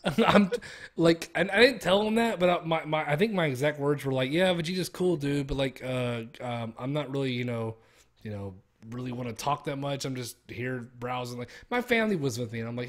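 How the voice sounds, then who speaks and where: A man's voice: medium pitch, brisk. A young man streaming, chatting casually in a rambling, profane way and laughing at his own stories. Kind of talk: casual chat.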